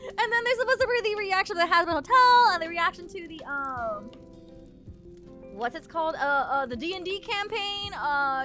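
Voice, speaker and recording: A young woman streaming live, chatting casually and rambling, laughing often and sometimes breaking into shouts. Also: extremely high pitch, animated, moderate pace, over music. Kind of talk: casual livestream chat.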